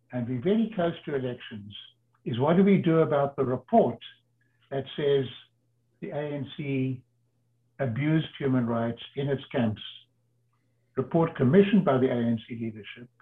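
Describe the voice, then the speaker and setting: A man from South Africa speaks at an ordinary middle pitch, telling his story in a measured way and often dropping into quiet asides. His voice comes through a thin, phone-like call line with a narrow, tinny sound. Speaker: interview guest. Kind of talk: reflective storytelling.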